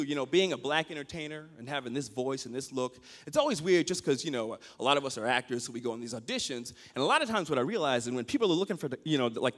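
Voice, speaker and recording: A man's voice: a little high, a bit bright. A man doing a self-mocking stand-up comedy set on a club stage, full of asides. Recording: noisy comedy club with crowd.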